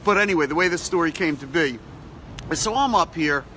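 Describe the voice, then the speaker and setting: A middle-aged man hosting a motivational vlog, chatty and animated, repeating phrases for emphasis, filmed outdoors on a snowy street with a phone at arm's length. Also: fairly high pitch, brisk, slight background noise. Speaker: vlog host. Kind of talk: upbeat motivational vlog talk.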